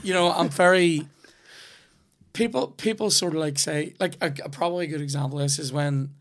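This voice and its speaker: A Northern Irish man in his thirties hosts a podcast in easy casual chat. He rambles through his stories and swears freely, and his voice sits a little high for a man. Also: brisk, fairly bright tone. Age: 30s. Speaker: podcast host.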